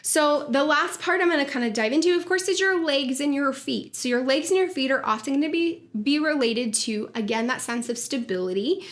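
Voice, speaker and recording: This is a woman with a slightly high voice, talking through a wellness podcast episode in a relaxed, earnest monologue. She explains things conversationally, with fillers and small restarts along the way. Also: a little fast, hardly any pauses. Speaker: podcast host and wellness coach.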